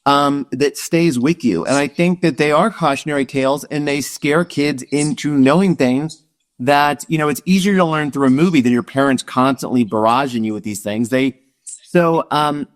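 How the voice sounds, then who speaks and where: A man's voice: a little high, normal speed. Earnest, hesitant male podcast host. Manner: earnest, hesitant, full of fillers. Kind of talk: casual interview chat.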